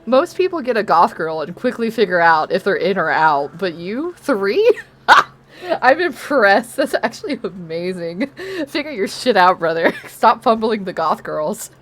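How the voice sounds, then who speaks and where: Lively, giggly woman streamer. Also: medium pitch, normal speed, slight background noise. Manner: laughs often, swears, teasing. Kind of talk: casual chat while gaming.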